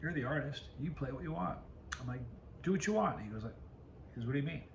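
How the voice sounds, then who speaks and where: A man at an everyday middle pitch tells a rambling story to his camera, often breaking off and restarting. The room around him is echoey, with a faint hum of background ambience. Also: animated, fast talker, gravelly, dull audio. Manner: rambling, self-interrupting storyteller. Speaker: video host.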